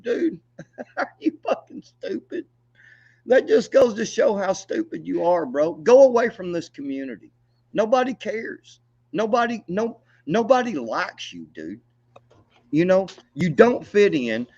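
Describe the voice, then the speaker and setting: On a livestream, a male co-host with a fairly high voice rants angrily, taunting with profanity and laughing mockingly. The audio is lo-fi, and the whole thing plays out as a heated rant.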